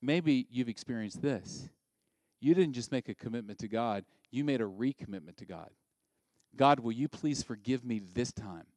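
A male pastor delivers an animated, conversational sermon, putting direct questions to his listeners. His voice sits at medium pitch, and there is no echo.

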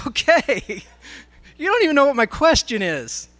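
A man's voice: very high voice, big pitch swings, measured pace, bright, forceful tone. A man speaking to a live congregation, telling a story in a sermon as he addresses the crowd directly.

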